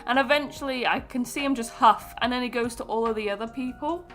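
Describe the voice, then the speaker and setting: A woman's voice: a little high, fast, fairly bright tone, soft background music. A young woman from England, telling sweary, rambling travel stories in casual chat on a stream. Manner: chatty, sweary storytelling.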